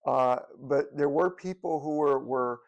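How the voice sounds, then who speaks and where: A man's voice: medium pitch, a little slow, dull audio. An older man, a hospice nurse, talking casually to the camera, rambling with many fillers and restarts. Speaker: hospice nurse training as a death doula.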